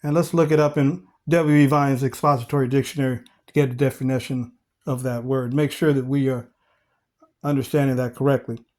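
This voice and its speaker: A man leads a Bible study, reading scripture slowly and deliberately while posing rhetorical questions to listeners he addresses as family. His voice is mid-range, steady, and somewhat dark in tone.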